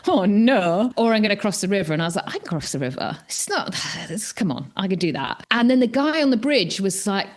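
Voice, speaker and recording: A woman co-hosting a podcast, telling a story in a casual, animated way, acting out what people said and laughing often. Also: fairly quick. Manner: animated, acts out quotes with big pitch jumps; laughs often, many restarts. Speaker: podcast co-host.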